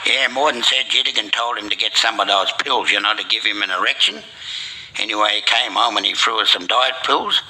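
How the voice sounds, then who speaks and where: A man's voice: lowish voice, fairly quick, bright, forceful tone, slight background noise, rough recording. An older Australian man telling a string of jokes in a rambling yarn-spinning way, chuckling at his own punchlines. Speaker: joke teller. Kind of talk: casual joke-telling.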